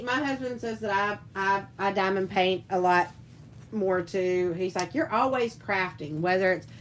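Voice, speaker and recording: Woman, live-stream host, chatty rambling storyteller who laughs a lot, mid-pitched voice. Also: slight background noise, poor audio. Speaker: livestream host and teacher. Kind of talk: casual live chat reading viewer comments.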